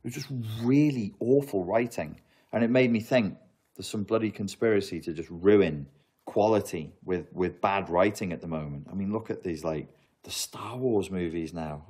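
A man's voice: lowish voice, normal speed, slightly rough. Ranting man on a livestream. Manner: animated ranting with emphatic repeats. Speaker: livestreamer answering chat questions. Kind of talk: casual livestream Q&A.

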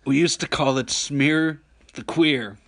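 A man's voice: fairly high pitch, fairly bright tone. Wry man chiming into a podcast chat. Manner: wry, quick interjections. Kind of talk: casual chat.

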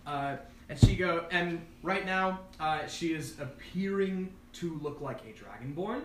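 A man's voice: on the high side, a little slow, a bit bright. A man running a tabletop game as game master, narrating casually with many fillers. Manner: casual, rambling, lots of fillers and restarts. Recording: echoey room, distant mic, noisy.

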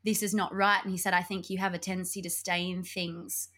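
Chatty woman, animated storyteller. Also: lowish voice, a little fast. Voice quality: animated, laughs often, acts out quoted voices. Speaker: podcast co-host. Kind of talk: casual chat, storytelling.

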